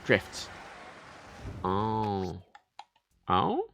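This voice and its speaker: A young man livestreaming a game, rambling and mocking himself with sudden loud outbursts. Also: lowish voice, huge pitch swings, drawn-out words, creaky, faint music behind. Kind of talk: casual gameplay chat.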